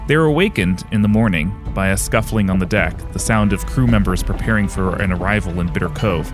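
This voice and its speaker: A man narrating a tabletop game as game master in a measured, descriptive way, over faint music. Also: low-pitched.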